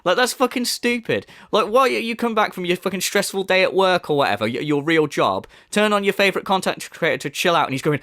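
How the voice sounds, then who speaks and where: A man's voice: high-pitched, animated, fairly quick, hardly any pauses, a bit bright, dry recording, clean studio sound. A man delivering a profane, mocking rant as a commentary YouTuber. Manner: profane, mocking, laughs scornfully.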